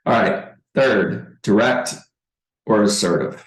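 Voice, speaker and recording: Slow, deliberate male sales coach. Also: on the low side, a little mellow, echoey room, low-quality recording. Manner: deliberate, emphatic, repeats key phrases. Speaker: real estate trainer and coach. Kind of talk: motivational sales training talk.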